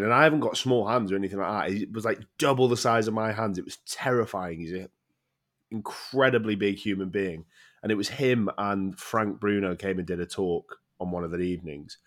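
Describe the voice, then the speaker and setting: A man's voice: fairly low pitch, fairly bright tone. A young man co-hosting a podcast, recalling a meeting in a casual, chatty way. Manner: chatty, laughs easily. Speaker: podcast co-host. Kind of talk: casual chat.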